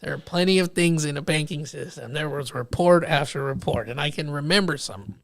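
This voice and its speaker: A young man hosting a casual podcast, telling lively stories and acting out the people in them. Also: fairly high pitch, brisk, gravelly, no echo. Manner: animated storyteller acting out quoted people. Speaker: podcast host.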